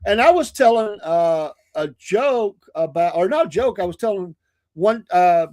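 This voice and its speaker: Man, livestream co-host, rambling storyteller, fairly high voice. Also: expressive, measured pace, darkish tone. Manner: rambling storyteller with many restarts and fillers. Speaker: co-host reading viewer comments. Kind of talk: casual livestream chat.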